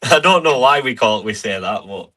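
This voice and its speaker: A young man, a wrestler guest on a podcast, chatting in an easygoing, halting way. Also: medium pitch, animated, pushed and bright. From England. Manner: easygoing, halting, with many restarts. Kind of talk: casual chat.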